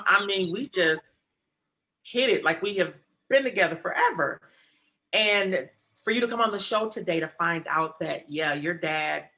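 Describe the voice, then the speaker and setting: Bright-voiced woman hosting a video call. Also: lowish voice. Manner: tearful, fighting to hold back crying. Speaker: interview host. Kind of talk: emotional conversation on a video call.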